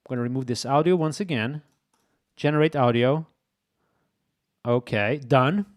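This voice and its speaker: A man hosting a live coding stream, excitable and exclaiming as he talks to his chat. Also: medium pitch, moderate pace. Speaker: streamer, host.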